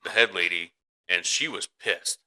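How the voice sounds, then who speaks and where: A podcast co-host with a deep, slightly slow, sharp voice tells a rambling story as a worried father, restarting often and acting out quotes. It's a casual chat, and the recording quality is low.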